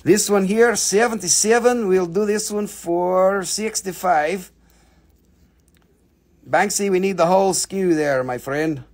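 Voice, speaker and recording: A man's voice: high-pitched, slow pace. A man hosting a live rock sale in a casual, joking way, cursing freely and slipping into playful put-on accents. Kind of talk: casual live sales stream.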